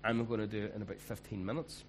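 A man's voice: on the low side, fairly even intonation, fast talker, slight background noise. Conversational male pastor preaching. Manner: conversational, emphatic. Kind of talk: sermon.

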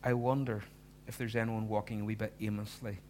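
Earnest preacher, lowish voice. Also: male voice, level tone, brisk, darkish tone, a little hiss or hum. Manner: earnest, pleading, rising to emphatic questions. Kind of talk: sermon.

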